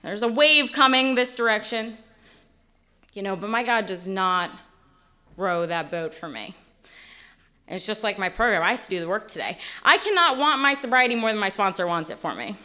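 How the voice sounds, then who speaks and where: Late-20s woman sharing her story at a meeting, bright forceful voice, lots of you-knows, rambly and candid. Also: medium pitch, sing-song, brisk. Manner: candid, rambling, filler-heavy. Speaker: recovery meeting speaker. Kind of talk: personal testimony at a meeting.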